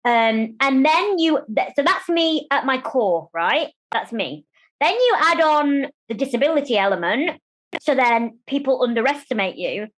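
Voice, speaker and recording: Chatty woman with a higher voice. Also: measured pace. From Germany. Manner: animated, chatty, acts out quoted voices. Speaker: guest, disability rights campaigner. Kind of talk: candid conversational interview.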